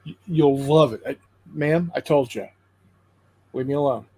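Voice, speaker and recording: A man on a tabletop gaming stream telling a long joke in casual chat, halting and repeating his words as he goes. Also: on the high side, a little mellow, slightly rough, low-quality recording. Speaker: co-host of a tabletop painting stream.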